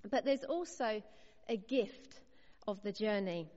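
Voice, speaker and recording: A woman's voice: medium pitch, animated, dark tone. Earnest woman preaching in a hall. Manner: earnest, measured and encouraging, with pauses between phrases. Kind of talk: sermon. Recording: muffled sound in a reverberant hall.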